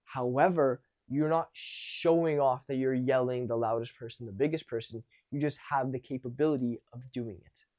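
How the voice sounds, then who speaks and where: A man talks straight to camera as a confidence coach, loose and conversational, often restarting his sentences. His voice sits at an ordinary middle pitch. He gets animated when he acts out little example conversations. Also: moderate pace, hardly any pauses. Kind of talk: casual advice to camera.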